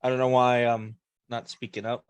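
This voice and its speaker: A man's voice: mid-range voice, little pitch movement, smooth, no room sound. A man playing a tabletop game, chatting jokily and laughing often. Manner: jokey, quick to laugh. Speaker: player. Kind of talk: casual chat at a game table.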